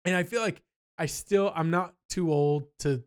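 A young man in casual podcast chat, with a smooth, clear tone and a somewhat raised pitch. He tells stories with an animated, rambling energy, slipping into quick impressions of people. The talk feels loose and friendly. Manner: animated storyteller, mimics people in quotes. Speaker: podcast co-host.

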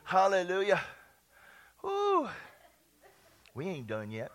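A male preacher with a high, bright voice that swoops widely, delivering a charismatic sermon at an unhurried pace. He is exuberant, often breaking into laughter and shouted praise. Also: very animated. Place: church sanctuary.

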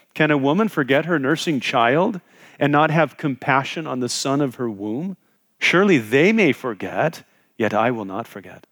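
Man preaching in a chatty, questioning way. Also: medium pitch. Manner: conversational, asks the audience questions, repeats words. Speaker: pastor teaching a Bible passage. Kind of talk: expository sermon.

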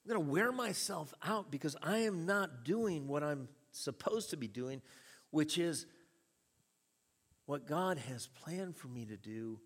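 A man delivers a sermon in a church hall, his voice sitting a little high and swinging widely in pitch. He preaches as a storyteller, chuckling along the way, and the sound carries a long reverb from the hall. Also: expressive, measured pace, fairly bright tone. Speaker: pastor.

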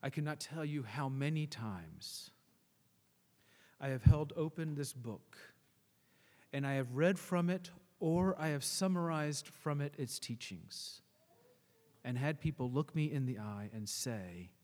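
A male pastor preaching a sermon, swinging between hushed and emphatic delivery. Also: a little high, lively intonation, a little slow, big-room sound.

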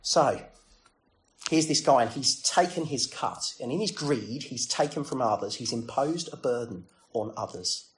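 Lively, questioning male preacher. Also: medium pitch, a little slow. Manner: conversational, rhetorical questions, self-deprecating asides. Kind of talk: sermon.

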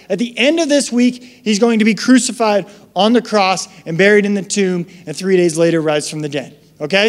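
A young man preaching a casual, animated sermon, chatting and acting out quotes in raised voices. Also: high voice. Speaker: pastor. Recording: long hall reverb.

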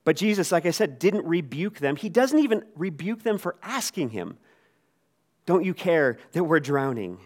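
A man preaching a sermon in a casual, conversational way. He acts out the quoted lines with lively voices. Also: fairly high pitch, moderate pace. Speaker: pastor.

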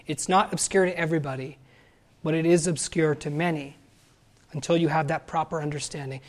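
A man giving a sermon, lively and conversational, acting out quoted voices and asking the listeners questions. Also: fairly high pitch. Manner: animated, acts out quoted voices. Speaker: pastor.

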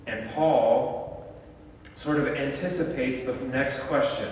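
A male pastor at a mid pitch delivers a teaching sermon, building his points through repeated rhetorical questions. He sounds distant from the microphone, and his voice rings with a long, echoing reverb from the sanctuary. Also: slow, pauses often. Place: church sanctuary. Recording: echoey hall from far off.

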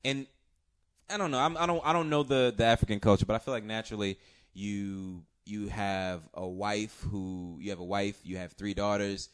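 A man's voice: mid-range voice, clear, resonant tone. A man co-hosting a casual chat about movies, laughing often and swearing freely. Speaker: podcast co-host.

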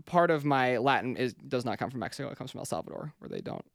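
A man's voice: medium pitch, sing-song, fast, creaky, dry recording, clean studio sound. A man co-hosting a casual chat about films, blunt and opinionated, telling stories animatedly with lots of fillers. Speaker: podcast co-host.

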